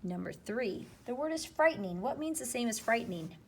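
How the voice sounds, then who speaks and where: A woman teacher slowly and patiently walking students through a spelling worksheet, step by step. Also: on the high side, lively intonation, slight background noise. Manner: slow, patient, explaining step by step. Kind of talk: spelling lesson walkthrough.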